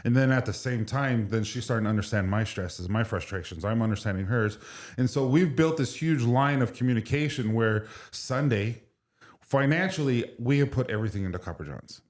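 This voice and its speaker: A man's voice: medium pitch, fairly quick. A man in his forties, a podcast guest, telling a candid, emotional story with frequent restarts in casual chat. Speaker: podcast guest, brand co-founder.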